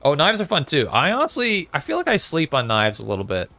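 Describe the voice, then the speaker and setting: A man's voice: a little high, wildly swooping pitch, fast, pushed and bright. A man chatting casually with viewers on a live gaming stream, reading out chat messages with lots of fillers. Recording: faint music behind.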